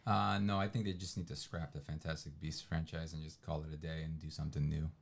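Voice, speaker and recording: A man with a very low, deep voice chats on a casual livestream. He rambles and pokes fun at himself, often trailing off mid-thought. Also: little pitch movement, fast talker, gravelly. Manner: rambling, self-deprecating, trails off with fillers. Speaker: livestream co-host. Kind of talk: casual chat.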